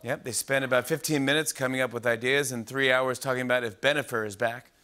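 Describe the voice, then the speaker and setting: A man in his forties hosts a late-night comedy monologue in a TV studio with a live audience, giggling at his own jokes. His mid-range voice holds a steady tone, and he talks fast over heavy background noise. The broadcast carries loud audience laughter.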